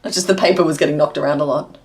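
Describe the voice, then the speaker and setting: A woman's voice: sits low, steady tone, racing. Chatty woman hosting a crochet stream. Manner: chatty, answers chat and makes puns while working. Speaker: crochet livestream host. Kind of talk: casual livestream chat while crocheting.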